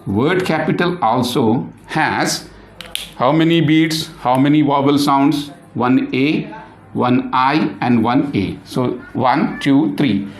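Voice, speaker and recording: A man's voice: mid-range voice, slight background noise. A man teaching an English lesson, who spells words out letter by letter and asks questions he then answers himself. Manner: slow, repeats words and spells them out letter by letter. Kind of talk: classroom lesson. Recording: echoey room.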